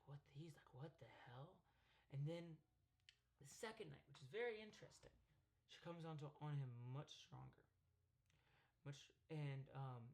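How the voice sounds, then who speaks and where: A man hosting a casual movie breakdown, excitable and rambling, with many fillers, restarts and bursts of swearing for emphasis. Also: mid-range voice. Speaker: host.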